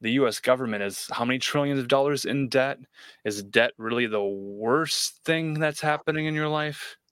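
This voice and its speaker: A man's voice: mid-range voice, moderate pace, fairly bright tone, smooth, no room sound, studio quality. A man co-hosting a podcast, joking sarcastically in casual chat. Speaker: podcast co-host.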